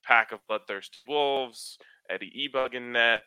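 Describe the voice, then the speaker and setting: A man's voice: mid-range voice, moderate pace, sharp tone, clear, resonant tone, dry recording. A man hosting a casual sports podcast, joking and trash-talking as he runs through betting picks. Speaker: podcast host giving hockey betting picks.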